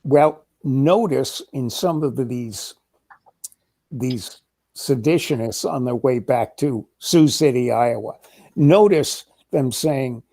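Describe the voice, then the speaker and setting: A man in a casual political chat, talking in a wry, measured, sardonic way. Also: medium pitch, dark tone. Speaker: co-host.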